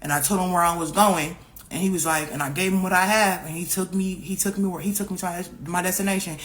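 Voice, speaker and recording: A woman's voice: on the low side, fairly even intonation, quick pace, a bit bright. A woman telling a personal story in a casual, slang-heavy, profane way. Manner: acts out other people's lines in raised voices.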